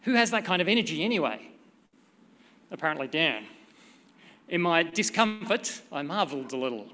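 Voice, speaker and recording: Bright-voiced middle-aged preacher in a reverberant hall. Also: male voice, fairly high pitch, moderate pace. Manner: conversational, expressive, reads scripture dramatically. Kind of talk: sermon with prayer and storytelling.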